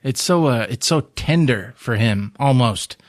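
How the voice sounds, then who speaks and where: A man's voice: mid-range voice, expressive, unhurried, no room sound, studio quality. A man co-hosting a podcast, making laid-back, joking comments in casual chat. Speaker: podcast co-host.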